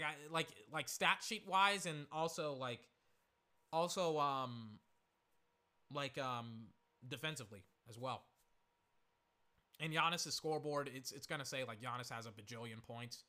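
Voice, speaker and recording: A hoarse young man giving casual, rambling live commentary on a basketball game, full of fillers and swearing. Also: a little high, pushed and bright.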